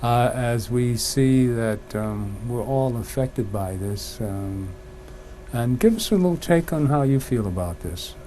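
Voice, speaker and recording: Man hosting a talk show, halting delivery, dark mellow tone, faint hiss behind. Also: medium pitch, lively intonation. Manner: calls himself an old-time activist, loose and halting. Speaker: host. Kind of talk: live talk show interview.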